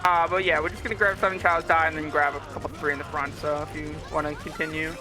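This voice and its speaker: A man's voice: a little high, level tone, quick pace. A man explaining his speedrun route in a casual, laid-back way with lots of filler words. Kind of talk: casual live game commentary. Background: game music.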